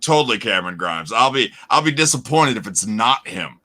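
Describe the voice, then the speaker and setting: A man's voice: lowish voice, very animated, a little fast, pushed and bright. A man co-hosting a casual chat show, teasing his partner and stating his opinions with confidence. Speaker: podcast co-host.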